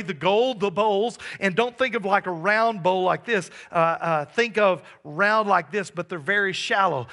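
A man preaching a sermon, animated, asking his listeners rhetorical questions. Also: high voice. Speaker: pastor.

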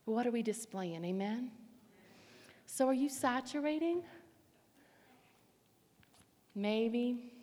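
Animated woman preaching in an echoey hall. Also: a little high, unhurried. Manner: animated, emphatic storytelling. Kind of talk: sermon with personal story.

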